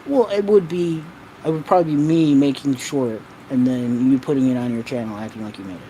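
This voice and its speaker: A man's voice: medium pitch, fairly quick, slight background noise, rough recording. Filler-heavy male co-host. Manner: relaxed, filler-heavy, chuckling. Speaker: livestream co-host. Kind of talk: casual commentary chat.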